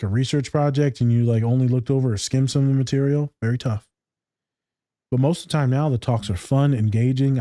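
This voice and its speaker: A man's voice: mid-range voice, warm tone, dry recording, studio quality. A man co-hosting a casual podcast, blunt and joking, rambling through his points. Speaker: podcast co-host.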